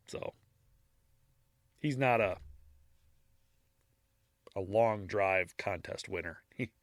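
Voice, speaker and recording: A man co-hosting a podcast, narrating a case in a casual true-crime style and breaking off for dark jokes. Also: lowish voice, extremely slow, long pauses, dry recording, clean studio sound.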